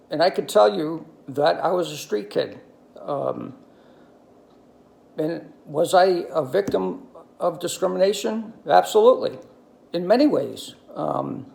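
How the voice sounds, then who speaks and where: Gravelly older New man, halting. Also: a little high, expressive, a little mellow. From New York City. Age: 60s. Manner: halting, many ums and uhs, storytelling. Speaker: video commentator. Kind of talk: monologue to camera.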